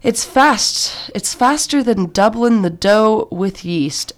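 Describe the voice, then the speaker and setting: A woman's voice: mid-range voice, lively intonation, slow. A woman co-hosting a radio show, playful and laughing often as she trades puns. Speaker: radio co-host. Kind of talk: casual radio chat.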